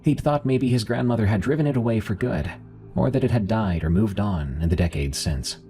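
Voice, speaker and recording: Male horror narrator, low and mellow, measured delivery, soft music bed. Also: expressive. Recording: faint music underneath.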